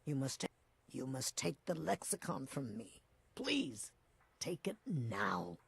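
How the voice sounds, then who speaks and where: An actor voicing a dying stranger in a video game, pleading in a strained, halting voice as they hand over a relic. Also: mid-range voice, very animated, creaky, breathy edge, heavily acted. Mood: pleading, weak.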